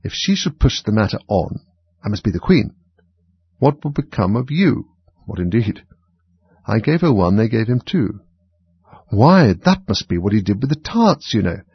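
A man's voice: on the low side, sing-song, moderate pace, pauses often, slightly rough, no echo, full character voice. A man voicing a fussy, self-important old king who mutters and preens, in a storybook reading. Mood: pompous. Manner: muttering, pompous. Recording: dull lo-fi recording.

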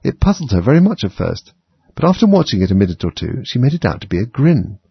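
Low, gravelly man reading a storybook. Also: fast talker, dry recording. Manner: animated, dramatic reading. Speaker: narrator. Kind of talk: storybook read-aloud. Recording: dull lo-fi recording.

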